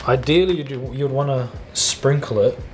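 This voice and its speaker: A home cook, male, talks casually through a baking video at normal speed in a medium-pitched voice. He's loose and chatty, tossing in slangy asides, over a noisy background.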